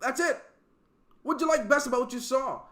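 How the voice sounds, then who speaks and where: A man's voice: very high voice, brisk, fairly bright tone. A man leading a motivational talk over a video call for his sales team, emphatic and preachy, full of rhetorical questions. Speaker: network marketing team leader.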